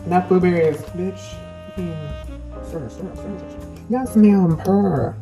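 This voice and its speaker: A woman hosting a comedic cooking vlog in a crude, profane and playful way, often talking half-hushed. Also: fairly low pitch, slow pace, highs cut off, music in the background. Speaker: vlogger.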